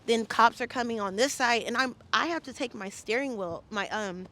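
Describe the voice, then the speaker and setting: A woman's voice: fairly high pitch, normal speed, sharp tone, slight background noise. Heated, profane woman telling a story. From San Francisco Bay Area. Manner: emphatic, profane, heated retelling. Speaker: podcast guest. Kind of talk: casual storytelling interview.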